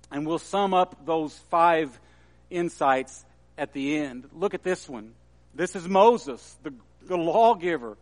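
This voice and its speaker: A man preaching a sermon in a measured way and quoting scripture with emphasis. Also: high-pitched, in a large hall. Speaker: pastor.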